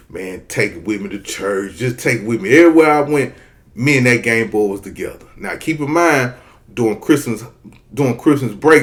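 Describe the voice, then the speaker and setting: A man in his thirties telling a childhood story in a casual, profane, animated way. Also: mid-range voice. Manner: animated, profane, acts out voices.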